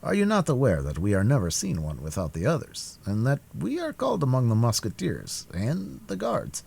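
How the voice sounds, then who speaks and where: A man voicing a calm, dignified male musketeer in a storybook reading, speaking quiet and measured. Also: medium pitch, creaky, husky, full character voice. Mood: matter-of-fact.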